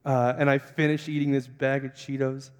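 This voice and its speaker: A young man, a pastor, telling a funny self-mocking story in a sermon and acting out the voices with big jumps in pitch. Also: level tone, normal speed, clean tone. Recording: long hall reverb.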